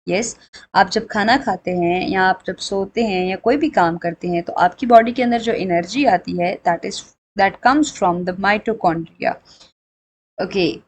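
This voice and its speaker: A woman's voice: mid-range voice, rough recording. Woman lecturing on biology. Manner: explanatory, repeats and rephrases points, frequent fillers; switches into Hindi for examples. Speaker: biology teacher. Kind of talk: recorded classroom lecture.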